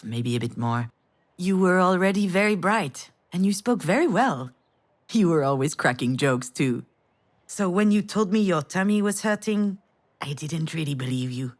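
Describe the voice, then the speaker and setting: An actress playing a gentle middle-aged mother in a visual novel, telling a memory in a soft, reminiscing way. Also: sits low. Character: tender mother recalling the past, gentle. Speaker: game character. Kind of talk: visual novel storytelling monologue.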